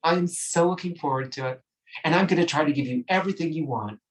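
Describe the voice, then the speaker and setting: A woman's voice: low-pitched, fast talker, recorded from a distance, natural voice. A man voicing an eager, gushing female opera singer who speaks in a sweet, flirty, effusive way.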